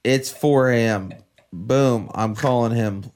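A man's voice: mid-range voice, takes it slowly, darkish tone. A man from Florida, co-hosting a podcast in casual chat, laid-back and swearing as he tells stories. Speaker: podcast co-host.

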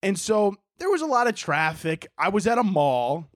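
A man's voice: high voice, normal speed, no room sound, studio quality. A young man from Chicago telling a story on his solo podcast, swearing freely and acting out everyone in it. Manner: animated, profane, acts out the people in his stories. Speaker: podcast host.

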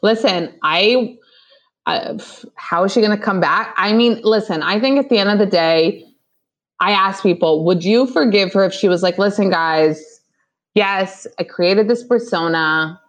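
A young woman co-hosting a casual gossip podcast, talking in an animated way with lots of fillers and quick mock impressions. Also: medium pitch. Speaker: podcast co-host.

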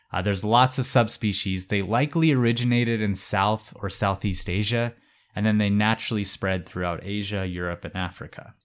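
A man hosting a podcast, casually telling a story with a relaxed, hedging manner and lots of fillers. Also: on the low side.

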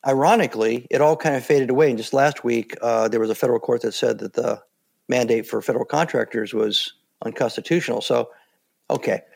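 Older male interview guest, gravelly tone, calm and plain-spoken, a steady storyteller. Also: mid-range voice, a little fast. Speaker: guest, former Navy SEAL. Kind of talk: casual interview talk.

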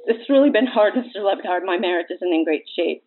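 A woman plays a worried, husky-voiced sister phoning in, earnest but drifting toward flirtation. The sound is narrow and tinny, like a phone line. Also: medium pitch, expressive, quick pace. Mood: flirty. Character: flirty anxious sister of an injured player. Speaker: caller. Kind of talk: comic prank call.

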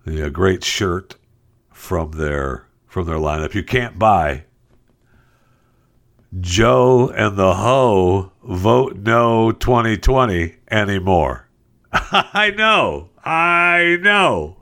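Sarcastic low-voiced male talk host. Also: very slow, vocal fry. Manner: sarcastic, exasperated, swings between high and low pitch. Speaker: radio show host. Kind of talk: opinionated news commentary.

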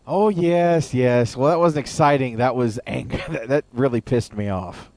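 Male co-host, medium pitch, relaxed delivery with a mild grumble. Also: moderate pace. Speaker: radio show co-host. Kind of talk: casual chat.

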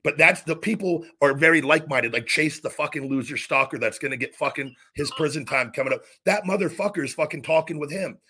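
A man's voice: on the high side, fairly quick, few pauses, sharp tone, husky. A man hosting a podcast, ranting in anger with heavy swearing and repeated phrases. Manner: angry, profane, repetitive rant. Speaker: podcast host. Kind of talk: heated podcast rant.

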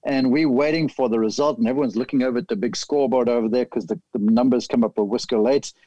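Guy, golf analyst, warm mellow voice, telling a story. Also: medium pitch, fast, no room sound, highs cut off. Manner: animated, vivid storyteller. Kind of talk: casual storytelling chat.

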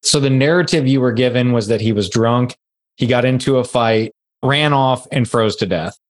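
A man hosting a true-crime podcast, asking calm, probing questions and reading scripted narration. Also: mid-range voice, moderate pace. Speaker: podcast host and interviewer. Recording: music bed under the voice.

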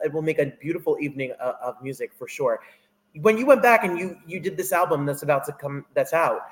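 Jersey accent guy hosting, pumped, slightly high voice. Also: rough recording. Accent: New Jersey. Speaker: interviewer. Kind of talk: interview questions.

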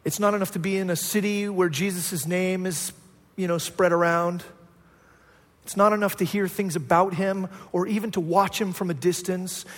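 A man preaching a sermon as pastor, building with swelling emphasis to loud peaks. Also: high voice, steady tone, normal speed. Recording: long hall reverb.

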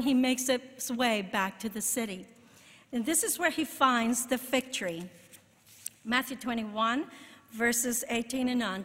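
High, lively-voiced woman preaching. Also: long reverb tail. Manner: expressive, rises in emphasis and drops to soft asides. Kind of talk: sermon.

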